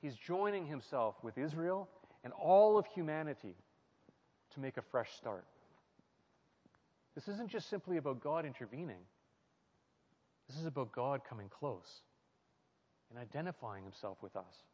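A man's voice: mid-range voice, expressive, moderate pace, pauses often, darkish tone, breathy edge. A man preaching and teaching through a Bible passage, reflective, asking his listeners questions and repeating key phrases. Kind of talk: sermon-style Bible teaching. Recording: muffled sound with a long hall reverb.

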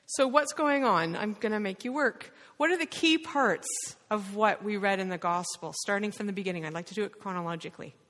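A woman leading an interactive Bible lesson, quizzing the group with quick questions. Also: medium pitch, fairly bright tone. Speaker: Bible study leader. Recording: reverberant hall.

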